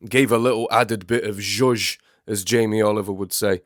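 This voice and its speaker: Guy with a stuffy nose from the flu, chatty rambling reaction talk, lowish voice, dry close sound. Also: steady tone, moderate pace, a bit bright, no room sound. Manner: chatty, rambling, self-correcting. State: congested, getting over flu. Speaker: music reaction host. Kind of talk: casual reaction commentary.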